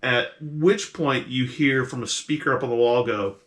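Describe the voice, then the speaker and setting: A man running a tabletop role-playing game, describing scenes casually and rambling through plenty of ums and you-knows. His voice sits at an ordinary pitch but has a bright, forceful edge. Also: normal speed, hardly any pauses. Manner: casual, rambling with many fillers. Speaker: game master.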